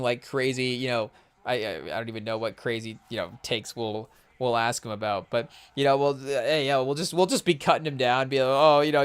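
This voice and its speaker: A man hosting a podcast, reacting excitedly and rambling through casual live commentary on a game, with lots of "hey, yo" interjections. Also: on the high side, clean tone. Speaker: podcast host.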